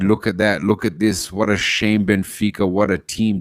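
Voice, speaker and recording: A man from Brazil rants as a football host, very low and smooth in tone. He hammers the same indignant words again and again, dry and close to the mic. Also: level tone, moderate pace, no echo. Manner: indignant, repetitive, exclamatory. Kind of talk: ranting fan commentary.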